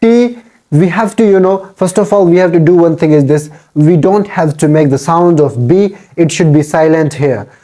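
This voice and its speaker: Mellow-voiced man teaching pronunciation. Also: fairly high pitch, normal speed. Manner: repetitive, drills each word aloud. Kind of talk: instructional talk.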